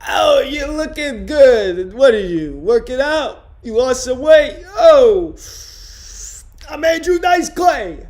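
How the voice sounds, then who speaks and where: A man's voice: very high-pitched, lively intonation, pitched above the performer's own voice, exaggerated voice. A man doing a brash leering male comic. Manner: slow, drawn-out, loud catcalling.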